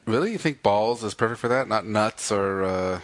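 A man's voice: lowish voice, normal speed, no room sound. A man co-hosting a podcast, chatting casually and teasing his co-host with jokes. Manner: joking, teasing, animated. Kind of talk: casual chat.

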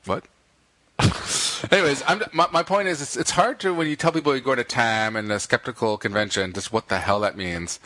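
A man's voice: mid-range voice, moderate pace, no echo. A man co-hosting a podcast, chatting casually and teasing his co-host with jokes. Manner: joking, teasing, animated. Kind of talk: casual chat.

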